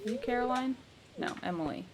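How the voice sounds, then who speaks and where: A woman's voice: a little high, lively intonation, a little fast, slight background noise. A woman from New York in casual chat while playing a farming game, chatty and blunt with casual swearing. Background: game music.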